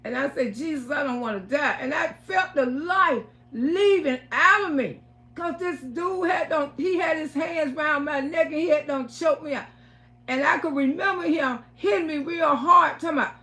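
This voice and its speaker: A woman's voice: sits high, lively intonation, measured pace, sharp tone. A woman hosting a livestream, telling a dramatic story to her viewers, acting out the voices and swearing freely. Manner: dramatic retelling, acts out quoted voices, swears. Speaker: livestream host.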